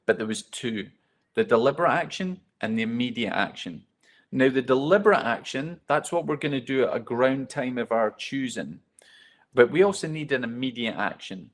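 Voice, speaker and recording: A man speaking from a stage, telling his stories in a candid, self-deprecating way. His voice sits at an ordinary middle pitch for a man, and he talks as if to a room full of listeners. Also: expressive, normal speed. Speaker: keynote speaker. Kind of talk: motivational talk to a live audience.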